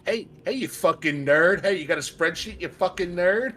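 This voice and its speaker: A man's voice: high voice, normal speed, bright, forceful tone, slight background noise. A man joking crudely with friends during a game, teasing and laughing as he talks. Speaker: co-player in a gaming stream. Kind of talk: casual gaming chat.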